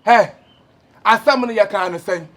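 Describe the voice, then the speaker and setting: A man with a Ghanaian accent, talking in an animated, scheming way and mixing in English. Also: fairly high pitch, a little fast, creaky, breathy edge. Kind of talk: Ghanaian film acting.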